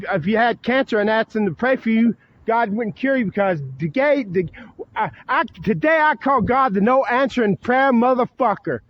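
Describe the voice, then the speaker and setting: A man's voice: high voice, lo-fi sound. A man in his fifties ranting angrily outdoors at night beside a church, swearing a lot, bitter and repetitive. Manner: profane, bitter, repeats himself. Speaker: vlogger. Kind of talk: angry rant to camera.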